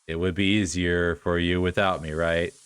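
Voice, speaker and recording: A man voicing a frail, sad young man in a visual novel, speaking quietly and with self-blame. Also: sits low, flat delivery, normal speed, clear, resonant tone, no room sound, voice pushed down. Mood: subdued. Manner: quiet, subdued, self-blaming.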